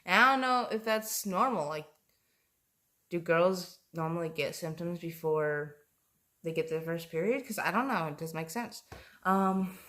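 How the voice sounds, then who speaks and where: A woman with a low-pitched voice tells a personal story to her camera at an unhurried pace. She rambles, trails off and corrects herself often, filling gaps with ums. She sounds self-conscious, like a beginner at vlogging. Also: lively intonation, a bit bright.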